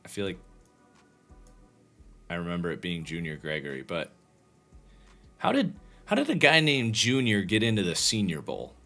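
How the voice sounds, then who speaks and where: Give me a sleepy man hosting a film-breakdown livestream, with a lowish, bright, tense voice. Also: wildly swooping pitch, moderate pace, long pauses, soft background music. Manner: casual, thinks aloud, frequent restarts. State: tired, yawning. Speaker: host and football draft analyst.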